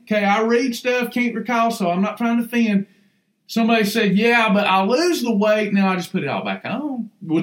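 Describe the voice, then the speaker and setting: A man's voice: high voice, echoey room. A man preaching fervently as a podcast host, folksy and emphatic, repeating lines for effect. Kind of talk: fiery preaching on weight loss.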